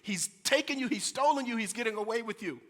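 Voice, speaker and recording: Guy doing a freaked out dad yelling stop him, bright voice, big echoey church. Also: very high voice, lively intonation, quick pace, pitched above the performer's own voice. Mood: frantic. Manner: shouting, pleading. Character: frantic father chasing his daughter's snatcher.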